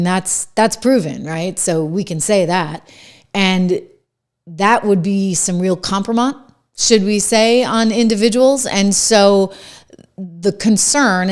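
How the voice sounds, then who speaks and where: A middle-aged woman host with a New Hampshire accent, giving emphatic, conversational political commentary to camera with quick asides. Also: fairly low pitch, a little mellow.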